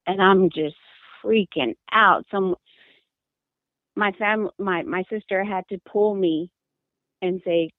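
A mother giving an emotional interview, halting and repeating her words in distress. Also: mid-range voice, no echo. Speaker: mother of a missing daughter, interviewee. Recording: tinny phone line.

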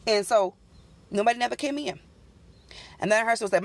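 A woman's voice: on the high side, fairly quick. Folksy woman telling a spooky story. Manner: folksy, talks straight to listeners as "y'all". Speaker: podcast storyteller. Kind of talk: casual spoken ghost story.

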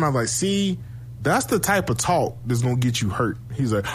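A man's voice: mid-range voice, fairly quick, slight background noise. Casual man telling football stories. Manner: animated storytelling, swearing, laughs often. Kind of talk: casual sports chat.

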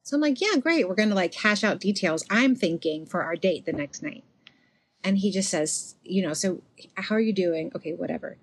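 A woman's voice: mid-range voice, husky, dry recording. A young adult woman on a podcast, chatting casually and telling stories with sarcastic asides. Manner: animated storyteller, quick sarcastic asides. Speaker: podcast co-host. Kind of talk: casual chat.

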